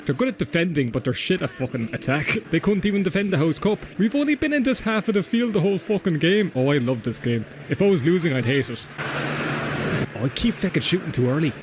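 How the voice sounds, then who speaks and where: A man's voice: on the high side, expressive, fast. A man with an Irish accent, commenting casually and sarcastically while playing a video game, with plenty of swearing. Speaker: game streamer. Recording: noisy background.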